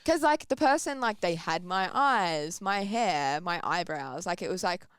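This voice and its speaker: A woman's voice: on the low side, expressive, a little slow, clean tone, no echo, clean studio sound. A young woman, chatting casually as a podcast co-host, laughing often and acting out what people said. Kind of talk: casual chat.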